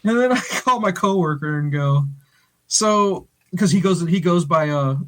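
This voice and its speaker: A man co-hosting a podcast, telling a story in casual chat, animated and loud, laughing often and acting out the voices of others. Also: high-pitched, measured pace. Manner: loud and excitable. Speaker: podcast co-host.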